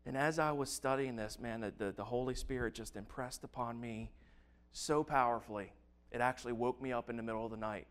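A man preaching a sermon, reading scripture slowly and earnestly with emphatic stresses. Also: medium pitch, fairly even intonation, smooth. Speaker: pastor.

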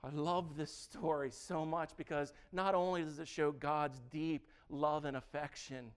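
A male preacher gives a sermon at a slow, unhurried pace, leaning on drawn-out, emphatic phrases. His voice sits a little high and sounds smooth and clear. He brings a sarcastic, playful humor to the telling. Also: steady tone.

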